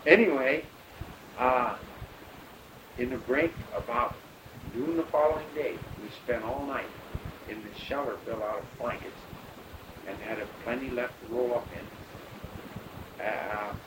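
Rambling man telling a story in a roomy recording. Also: medium pitch. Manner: rambling, halting with many pauses and fillers. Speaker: storyteller recounting a rescue. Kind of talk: casual oral-history storytelling. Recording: roomy recording with loud background hiss.

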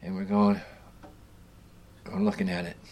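Speaking at a measured pace in a deep, slightly mellow voice with little pitch movement, this middle-aged storyteller rambles through his fishing trips. His casual telling is full of profanity, restarted sentences and chuckles.

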